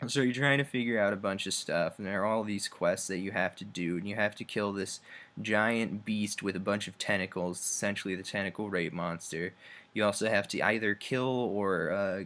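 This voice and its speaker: Young male game reviewer, lowish voice, rambling casual recap with crude jokes. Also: fairly bright tone. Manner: loose and offhand, heavy on fillers and crude asides.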